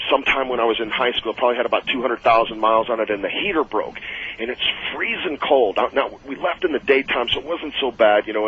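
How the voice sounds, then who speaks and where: A middle-aged man, a former wrestler, telling rambling, chuckling stories as a guest on a radio show. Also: medium pitch. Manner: rambling, chuckling storyteller with many fillers. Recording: dull lo-fi radio audio.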